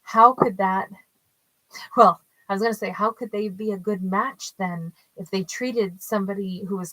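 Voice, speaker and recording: A woman giving a casual tarot reading, thinking aloud and questioning her own reading with animated asides. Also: medium pitch, no echo, poor audio. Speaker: tarot storyteller.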